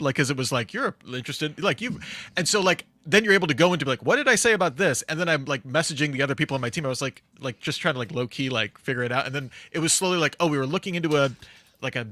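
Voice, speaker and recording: Bright-voiced rambling man. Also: fairly high pitch, lively intonation, fast, no echo. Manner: rambling, full of "like". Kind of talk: casual chat.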